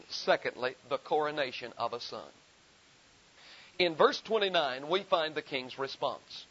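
A man preaching a sermon, building emphasis through repeated phrases and reading scripture slowly and deliberately. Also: a little high, a bit bright, slightly rough. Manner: rhetorical repetition, emphatic rising delivery. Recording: dull lo-fi sermon recording.

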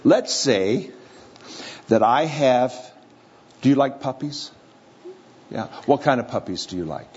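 A man's voice: mid-range voice, animated, slow, pauses often, a little mellow, breathy edge. A man preaching a sermon to a live congregation, telling a story with playful acted-out voices. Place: church or hall with a live audience. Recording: slightly dull recording with faint room noise.

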